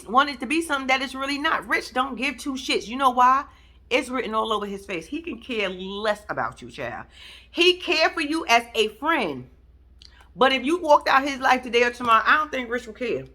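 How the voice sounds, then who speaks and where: Bright-voiced woman doing a blunt, swear-heavy reality show recap, voice jumps way up when she makes a point. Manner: blunt, sassy, swears freely, swings pitch up for emphasis.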